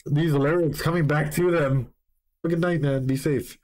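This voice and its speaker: A man streaming a live reaction, reading song lyrics aloud and excitedly greeting his chat. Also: fairly high pitch, moderate pace. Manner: excitable, swears, greets chat members mid-sentence.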